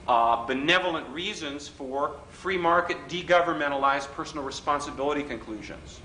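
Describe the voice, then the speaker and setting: A middle-aged man giving a live workshop lecture in a hotel function room, an animated, wisecracking storyteller who mimics the people in his stories. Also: fairly high pitch, normal speed, few pauses. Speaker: workshop speaker. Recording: roomy hall recording with faint background noise.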